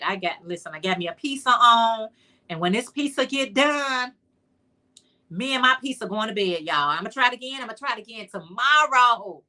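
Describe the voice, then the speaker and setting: Woman, livestream host, casual chat, bright tone, playful asides to viewers. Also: on the high side. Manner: chatty, playful, talks straight to viewers; sassy, teasing asides.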